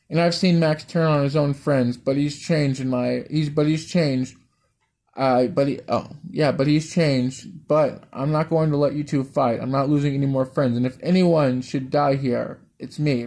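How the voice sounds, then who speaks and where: Weary peacemaker guy, a man reading him, stern and halting, mellow voice. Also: medium pitch, close to an everyday voice. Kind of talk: amateur story reading.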